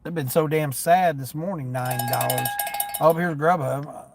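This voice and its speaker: Gravelly-voiced man chatting while driving. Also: on the high side, a little slow, noisy background. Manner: rambling, folksy, declines orders aloud. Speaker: delivery driver livestreamer. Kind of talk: casual live-stream chat while driving.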